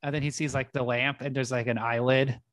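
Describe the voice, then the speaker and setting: A man's voice: mid-range voice, level tone, fairly quick, fairly bright tone, no echo, clean studio sound. A man co-hosting a casual film podcast, spinning absurd comic scenarios. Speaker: podcast co-host. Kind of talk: casual movie-review banter.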